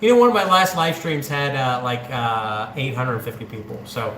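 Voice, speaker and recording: A livestream host from central Ohio chats and jokes while counting money out loud, his medium-pitched voice pushed and bright at a moderate pace. The room is echoey, with faint ambience and slight background noise.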